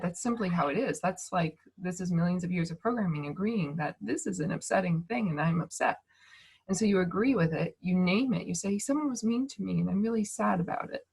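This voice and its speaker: A woman giving a casual teaching talk on emotions over a video call, speaking gently with frequent restarts and fillers. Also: fairly low pitch, husky. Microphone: video call mic.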